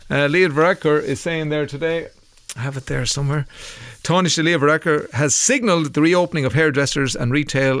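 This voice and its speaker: A man's voice: mid-range voice, a bit bright, no echo, clean studio sound. A man with an Irish accent hosting a radio show, chatting casually and reading out listener messages with frequent "uh"s. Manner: chatty, laughs easily, with frequent filler "uh"s. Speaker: radio host. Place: radio studio. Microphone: studio microphone.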